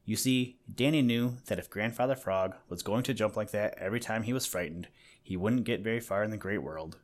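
This children's animal story is narrated by a man with a lowish voice who reads gently but at a brisk clip, sometimes pausing the story to speak straight to the listener.

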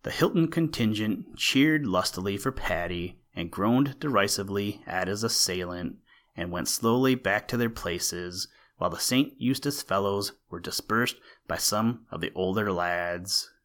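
A man narrating an old-fashioned school story in a steady, expressive reading. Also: fairly low pitch, measured pace.

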